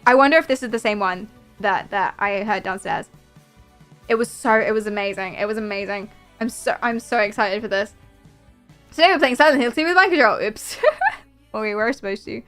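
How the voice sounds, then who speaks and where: A young woman streamer chatting casually and excitedly to her viewers, gushing and answering chat. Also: mid-range voice, a little fast, soft background music.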